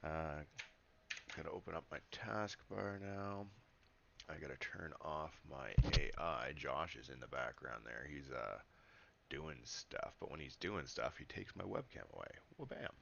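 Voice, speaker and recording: A man's voice: rumbling low, animated, unhurried, vocal fry, pushed and bright, muffled recording, slight background noise. A man, a livestreamer who calls himself a spiritual teacher, chatting with his viewers in an upbeat, rambling way and laughing often. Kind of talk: casual livestream chat. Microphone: webcam setup.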